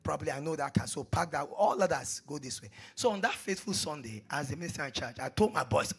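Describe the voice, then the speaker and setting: A man preaching a sermon, repeating phrases and swinging between hushed asides and shouted exhortations. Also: on the high side, animated, fast talker, vocal fry, hardly any pauses.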